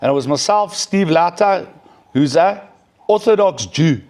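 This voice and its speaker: A middle-aged man telling a personal story in a casual, animated way, often checking in with "right?". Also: a little high, unhurried. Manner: animated, peppers speech with "right?". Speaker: recovering addict sharing his story.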